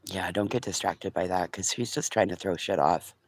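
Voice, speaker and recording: Low-voiced man chatting casually. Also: normal speed. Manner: rambling, talks to his pets and chat viewers. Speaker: vlogger. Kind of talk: casual live-stream chat.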